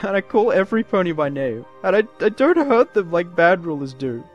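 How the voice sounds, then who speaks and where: A man voicing a distraught, drunk female pony princess who sobs and wails in a high voice. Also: sing-song, fairly quick, muffled recording, soft background music. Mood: wailing. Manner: high wailing voice, sobbing.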